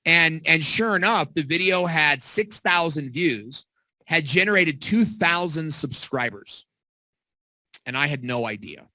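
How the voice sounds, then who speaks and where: A middle-aged man coaching on video marketing in a casual, animated way, telling stories with acted-out quotes, recorded in a home basement studio. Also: on the high side, a little slow, dry recording. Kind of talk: casual teaching talk.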